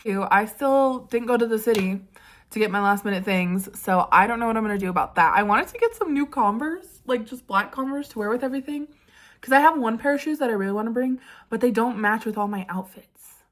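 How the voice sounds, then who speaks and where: A young woman with a voice on the higher side tells a story to her vlog audience. She is chatty and dramatic and fills her sentences with "like". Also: animated, brisk. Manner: chatty and dramatic, heavy use of 'like'. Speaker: vlogger.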